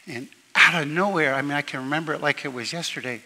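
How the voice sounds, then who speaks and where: Bright-voiced man speaking in an echoing hall. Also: fairly high pitch. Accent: Southern US slip. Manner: halting storytelling with fillers and restarts. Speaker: eulogist, younger brother of the deceased. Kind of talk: memorial speech with personal anecdotes. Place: church hall at a memorial service. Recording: long reverb from a large hall.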